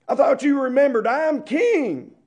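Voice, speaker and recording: A proud ancient king, offended that his friends will not bow, his voice pitched up high and strained with hurt pride. A male preacher puts him on in the middle of a sermon. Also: animated, a little slow, a little mellow. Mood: indignant.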